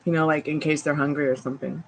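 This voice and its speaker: A woman's voice: low voice, fairly even intonation, fast talker, creaky, a little hiss or hum, rough recording. A woman hosting a casual livestream, chatting in a rambling way full of fillers while outdoors at home. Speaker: tarot reader livestream host.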